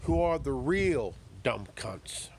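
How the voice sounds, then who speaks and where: A man's voice: mid-range voice, sing-song, creaky, noisy background. A man delivering a profane, confrontational ranting monologue as a commentary vlogger, often stumbling and repeating himself. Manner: profane, confrontational, halting repetitions.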